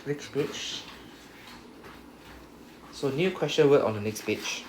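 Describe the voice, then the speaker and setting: A man's voice: mid-range voice, slow, pauses often. A man teaching a Japanese grammar class, explaining patiently and often checking with "right?". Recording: roomy classroom echo, faint hum.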